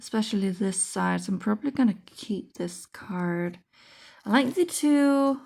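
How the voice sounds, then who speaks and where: A woman speaks in an unhurried, relaxed way as she sorts through a card pack. Her voice has a noticeable vocal fry. She thinks aloud, trailing off and restarting mid-sentence. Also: mid-range voice. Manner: musing, thinking aloud with fillers. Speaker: card game vlogger. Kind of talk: casual unboxing chat.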